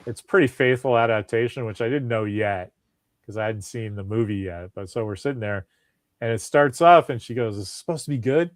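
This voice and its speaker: A man's voice: on the low side, moderate pace, dry recording. A man hosting a podcast in casual chat, telling stories with animation and acting out what people said. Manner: animated storyteller, acts out quoted voices. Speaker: podcast host.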